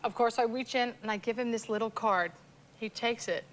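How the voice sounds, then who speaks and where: A woman in her forties with a somewhat high voice tells a story as a guest on a late-night talk show. She is animated, laughing and acting out the other people's voices. Faint background noise sits under the broadcast sound. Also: brisk. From US West Coast. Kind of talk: casual chat, anecdote telling. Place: TV studio with audience.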